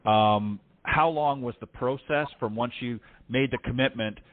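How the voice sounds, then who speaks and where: A man hosting a golf talk show, interviewing a guest with halting, filler-heavy questions. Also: mid-range voice. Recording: tinny phone line.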